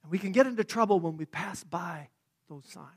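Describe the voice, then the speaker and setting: A man preaching a sermon, praying and then telling a story dramatically, swelling loud and dropping to a hush. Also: high-pitched, brisk, breathy edge. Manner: dramatic, swelling and hushing by turns. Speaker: pastor.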